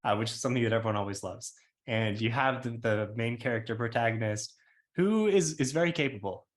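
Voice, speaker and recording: A man's voice: mid-range voice, brisk. A man co-hosting a podcast, chatting casually and asking long, rambling questions. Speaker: podcast co-host.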